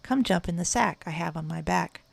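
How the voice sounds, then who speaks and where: A woman voicing a lazy male Sandman who talks in a slow sing-song. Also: fairly low pitch, vocal fry, no echo.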